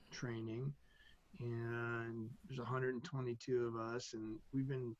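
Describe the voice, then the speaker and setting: A man as a podcast guest, telling motivational stories in an energetic, emphatic way and often checking in with "right?". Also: mid-range voice, dull audio. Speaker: guest, entrepreneur. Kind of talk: animated motivational storytelling.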